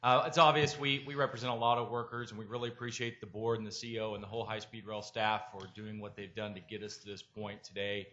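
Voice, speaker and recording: A union representative giving a short, grateful public comment at a board meeting, slightly halting at times. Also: male voice, on the low side, level tone, sharp tone, highs cut off.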